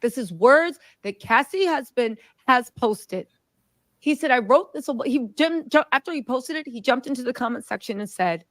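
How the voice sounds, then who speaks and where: A woman's voice: on the high side, animated, moderate pace, dry recording. Emphatic woman commentator, dry close sound. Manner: emphatic, preachy. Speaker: commentary channel host. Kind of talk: reaction commentary, reading a statement aloud.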